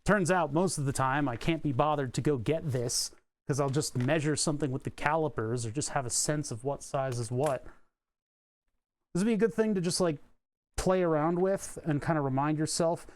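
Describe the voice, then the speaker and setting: A male streamer talks through a project in his home workshop, rambling and chuckling at his own asides. His voice sits a little higher than most men's. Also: moderate pace, dry recording. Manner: rambling, self-amused, chuckles often. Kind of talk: casual live-stream chat while working.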